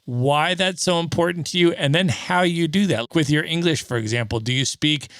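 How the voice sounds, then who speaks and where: A man's voice: a little high, moderate pace, fairly bright tone, dry recording, clean studio sound. A man hosting a travel podcast, asking long, enthusiastic interview questions. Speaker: podcast host.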